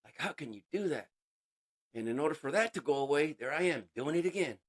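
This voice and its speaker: A man giving an emotional personal testimony as an interview guest, halting and casual, with street slang. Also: fairly high pitch, animated. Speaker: interview guest sharing a recovery story.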